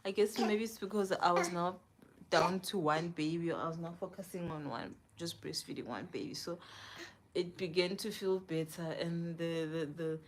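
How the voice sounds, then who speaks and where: A young mother of twins talking candidly and softly at home, with light laughs here and there. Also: on the low side, normal speed. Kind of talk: casual home vlog talk. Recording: home recording with audible background noise.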